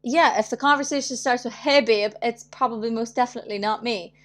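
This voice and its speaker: Quick and fairly bright, this young woman's slightly high voice carries her weekly livestream as a singer-host. Chatting casually, she spins stories, mimics the voices of people she quotes, and laughs a lot.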